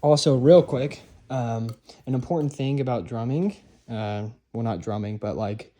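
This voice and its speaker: A man's voice: medium pitch, a little slow, dark tone. Chatty young man teaching drum grip. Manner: loose and chatty, many fillers and restarts. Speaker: drumline instructor. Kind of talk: casual instructional talk. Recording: noisy room recording.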